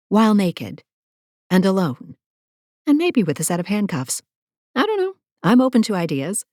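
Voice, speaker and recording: A woman with a medium-pitched, dark voice narrates a first-person romance audiobook, recorded dry and clean on a close studio mic. She's sassy and playful in her asides and turns to breathy whispers during intimate scenes.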